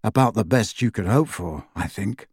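A man voicing a weary teenage boy who speaks in a subdued, low-key way. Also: very animated, unhurried, a little mellow, husky, dry recording, clean studio sound, heavily acted.

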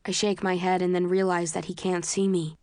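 A woman narrating a story in the first person, in a measured, tense, understated way, close to the mic. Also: lowish voice, little pitch movement, a little mellow, dry recording. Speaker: audiobook narrator.

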